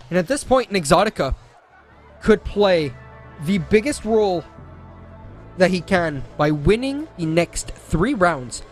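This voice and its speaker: A man casting live esports play-by-play, excitable and jokey, often correcting himself mid-sentence. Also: high voice, a little slow, pauses often, faint music behind. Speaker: esports caster. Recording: game engine and car noise underneath. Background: racing game sounds.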